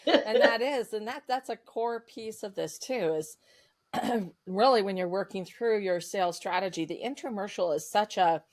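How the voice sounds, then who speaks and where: A woman's voice: medium pitch, moderate pace, a little mellow. A woman hosting a podcast, speaking thoughtfully and searching for her words. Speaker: podcast host. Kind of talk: podcast conversation.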